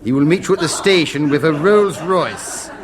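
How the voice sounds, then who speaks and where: Male comic lead: man doing a high, cocky, clueless secret agent; old radio recording with hiss. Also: expressive, moderate pace, lightly acted. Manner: cocky, leering comic delivery. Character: smug, bumbling male British secret agent. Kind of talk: 1960s radio comedy acting. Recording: hissy 1960s radio broadcast recording.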